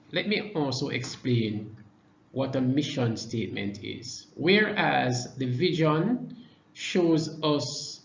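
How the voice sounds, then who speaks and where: Slow, emphatic man in an echoey room. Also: mid-range voice, a little hiss or hum. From Jamaica. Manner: measured, emphatic, deliberate pauses for stress. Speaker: party vice president speaking to supporters. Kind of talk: political presentation. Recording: echoey, dull lo-fi sound.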